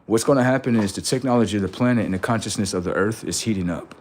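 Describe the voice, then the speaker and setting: A man's voice: lowish voice, very fast, a little mellow, a little hiss or hum. A man hosting a livestream, preaching in a confrontational way with rhetorical questions and street slang. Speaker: livestream host.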